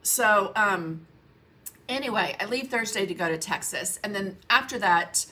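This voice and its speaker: A woman painting teacher chats casually on her livestream from her home studio, greeting viewers by name and laughing often. Her mid-range voice is bright and forceful at a measured pace, and she's coughing with a frog in her throat.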